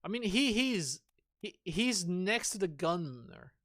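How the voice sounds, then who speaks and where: A man's voice: high-pitched, big pitch swings, takes it slowly, fairly bright tone, no echo, clean studio sound. A man streaming a game, chatting casually and musing aloud, asking himself questions. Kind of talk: casual gaming commentary.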